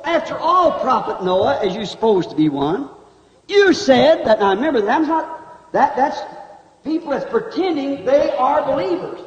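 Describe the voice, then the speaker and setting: A man's voice: very high-pitched, big pitch swings, normal speed, muffled recording. A man preaching a revival sermon in a fervent, folksy style with country grammar, recorded in a church hall on old tape.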